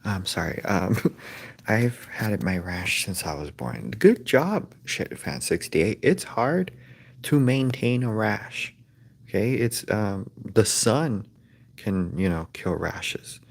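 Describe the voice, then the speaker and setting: A man hosting a comedic livestream, rambling in a deadpan way through mock sponsor pitches. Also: slow, gravelly. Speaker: streamer. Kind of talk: improvised comedic livestream rant.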